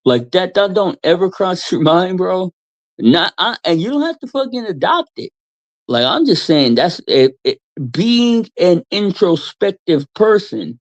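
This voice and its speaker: A man's voice: sits high, big pitch swings, a little slow, dry recording. A man ranting at someone in a heated chat, swearing heavily and mocking him. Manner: profane, ranting, mocking with put-on voices. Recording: dry, dull lo-fi sound.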